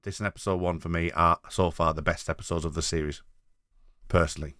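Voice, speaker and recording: Brief: male host, deep voice, meandering casual delivery, dry recording. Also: steady tone, fast talker, bright, forceful tone, no echo. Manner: rambling, hedging, restarts mid-thought. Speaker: podcast host. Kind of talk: casual chat.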